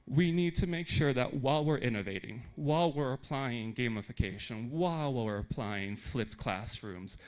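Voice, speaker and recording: An American man speaks to a theater audience of teachers. He is animated and playful, with quick asides to the crowd, and his voice sits at a middle pitch. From United States. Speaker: conference speaker. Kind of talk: live presentation to teachers.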